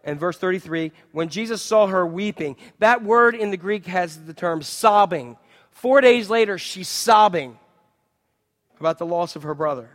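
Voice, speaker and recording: Male pastor, sermon delivery, dynamic loud-to-hushed, high pitch, long reverb. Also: expressive, moderate pace. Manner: dynamic preaching, swinging from loud emphatic to hushed.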